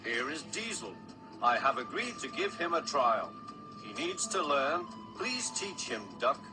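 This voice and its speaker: A man's voice: on the high side, very animated, unhurried. A man voicing a stern railway controller who speaks formally and commandingly. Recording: loud background music.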